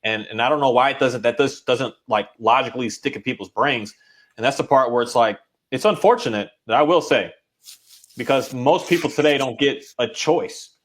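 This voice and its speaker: A man hosting a casual conversation, speaking haltingly with many restarts as he thinks aloud. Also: medium pitch. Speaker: podcast host, dog owner.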